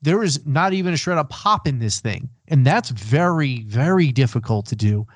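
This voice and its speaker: On a remote call with his own mic, a man co-hosts a music podcast and firmly argues for his picks in a casual debate, building his case step by step. His mid-range voice is expressive, his pace moderate, and the recording is dry.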